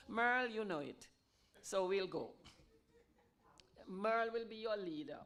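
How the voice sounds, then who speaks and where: Slow woman leading a folk song, getting over a cold. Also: mid-range voice, animated, fairly bright tone. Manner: teaches a folk song, then sings it call-and-response. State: recovering from a cold. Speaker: song leader.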